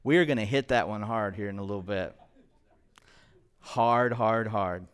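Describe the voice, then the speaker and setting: A male pastor preaching a sermon to a congregation, animated and quizzing the listeners with questions. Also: on the low side, quick pace, smooth. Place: church, in front of a congregation.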